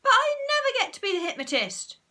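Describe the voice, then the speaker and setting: A woman's voice: high-pitched, lively intonation, unhurried, bright, forceful tone, voice pushed up, exaggerated voice. A woman voicing a sour, sulky girl who wails and whines, reading a children's storybook aloud. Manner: whining, sulky.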